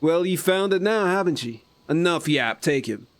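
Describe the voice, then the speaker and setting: A man doing a gruff bullying pirate. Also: on the high side, expressive, normal speed, natural voice. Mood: menacing. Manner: menacing, mocking drawl with an odd put-on accent. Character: gruff male pirate captain, bullying slaver.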